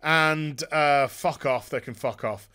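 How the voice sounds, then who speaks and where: A man's voice: fairly high pitch, slow, pushed and bright, clear, resonant tone. A man giving a profane, sarcastic rant about a TV show. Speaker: YouTube TV reviewer. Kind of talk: ranting TV review.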